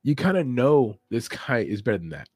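A man's voice: medium pitch, big pitch swings, moderate pace, darkish tone, slightly rough, dry recording. A man hosting a podcast in a casual opinion chat, rambling, opinionated and chuckling as he talks. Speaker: podcast host.

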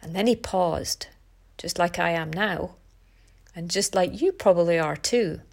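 A middle-aged woman speaks unhurriedly in a gravelly, congested, stuffy-nosed voice while hosting a podcast. Her reflective monologue is casual, chatty and candid, punctuated by lively upward pitch jumps.

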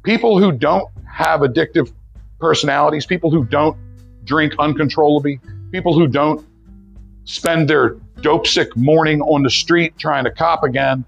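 Gravelly man leading a recovery group. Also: on the high side, highs cut off. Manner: earnest, preacherly, leads call-and-response. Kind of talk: motivational group talk.

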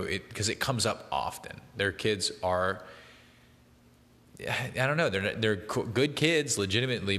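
Rambling young man, bright voice, echoey. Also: lowish voice. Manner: rambling, self-interrupting, laughing at his own stories. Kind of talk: casual chat.

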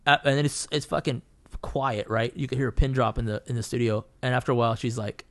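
A man in casual podcast chat, telling a story from his painting days at a mid-range pitch. He rambles along, swears often, and keeps circling back to restart his sentences. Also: steady tone, quick pace. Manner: profane, rambling, full of fillers and restarts.

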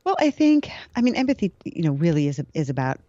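A woman's voice: on the low side, sing-song, quick pace, warm tone, no room sound, dull audio. A woman guest explaining leadership in a casual podcast conversation, thoughtful and often repeating words as she goes.

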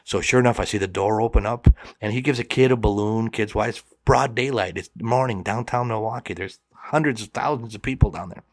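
A middle-aged man tells a personal story in a lowish voice, animated and quick to slip into the voices of the people in it. The sound is dry and close, with no room around him. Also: dry recording. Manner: animated, acts out the quoted voices. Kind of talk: personal story told to a listener.

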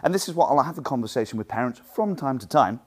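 Animated martial arts instructor man. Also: mid-range voice, fast. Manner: animated, acts out what students and teachers say; loud projecting voice from the diaphragm. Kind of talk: teaching talk to fellow instructors.

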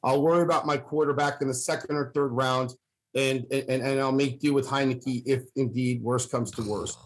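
A man's voice: mid-range voice, fairly even intonation, normal speed, poor audio. A man on a sports talk panel, laying out his opinions bluntly and with emphasis in a casual debate.

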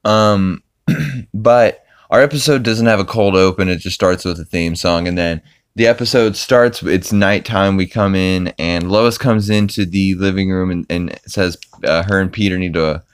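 A young man with a very deep voice and a smooth, resonant tone, recapping an episode on his podcast. He rambles casually and restarts his sentences often. The sound is close and dry. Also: unhurried, dry recording. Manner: rambling, full of fillers and restarts. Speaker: podcast host.

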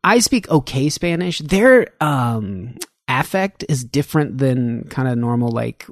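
A man on a podcast, telling a story in casual chat with lively impressions. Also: mid-range voice, a little slow, dry recording, clean studio sound. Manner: animated storytelling with impressions, laughing often. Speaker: podcast guest.

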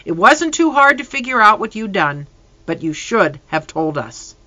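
A narrator voicing a booming, good-natured farm father who talks loud and hearty. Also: sing-song, moderate pace, no echo, heavily acted.

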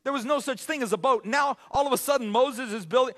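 A man preaching a sermon as pastor, animated, often stumbling over his words and restarting. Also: very high-pitched, fairly quick. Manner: animated, self-correcting preacher with frequent restarts.

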